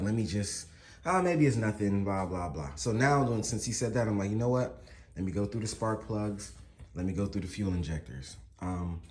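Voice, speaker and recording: Man, low voice, relaxed rambling, fillers, motorcycle repair vlog, loud background noise. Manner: rambling, easygoing, many fillers. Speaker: motorcycle vlogger. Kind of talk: casual DIY repair vlog. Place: working on a motorcycle. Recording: noisy background ambience.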